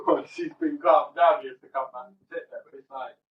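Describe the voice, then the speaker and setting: A man, a guest comedian, swaps gig anecdotes in casual podcast chat. His voice sits at a middle pitch and sounds distant and roomy, with a dull tone. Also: steady tone, measured pace, a little hiss or hum. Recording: echoey room, far mic, dull sound.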